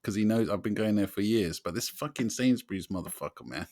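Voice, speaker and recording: A man talks in relaxed podcast chat. His pitch rises and falls widely as he tells his shop stories, and he laughs often and swears freely. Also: quick pace. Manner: expressive, laughs easily, swears casually. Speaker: podcast co-host. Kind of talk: casual chat.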